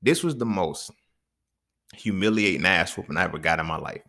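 A young adult man hosting a podcast, telling a story in casual slang, swinging from low mutters to loud, excited bursts. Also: a little fast. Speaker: podcast host.

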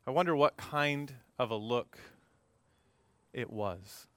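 Bright, clear-voiced man preaching. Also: medium pitch, takes it slowly, no echo. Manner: lively storytelling with asides to the congregation. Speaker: pastor. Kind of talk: conversational sermon. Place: church service before a congregation.

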